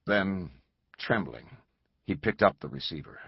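Male audiobook narrator, low and husky, measured and dramatic; dry booth, slightly dull lo-fi sound. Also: expressive, no room sound. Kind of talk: scripted narration.

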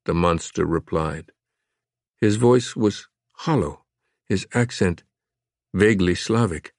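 A male audiobook narrator reads a thriller in a slow, measured, dramatic manner. His voice sits a little low, and the recording is close and dry with no room sound. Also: a little mellow, dry recording. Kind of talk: scripted narration.

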